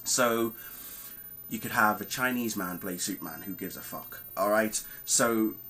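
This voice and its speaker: A man giving a casual spoken film review, animated and emphatic, talking straight to his viewers with plenty of ums. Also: on the low side, unhurried, low-quality recording. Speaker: movie reviewer.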